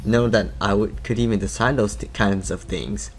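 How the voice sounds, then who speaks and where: A man's voice: on the low side, pitched below the performer's own voice, lightly acted. A man voicing a timid young schoolgirl class president in a visual novel, speaking hesitantly. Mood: nervous. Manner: hesitant, halting.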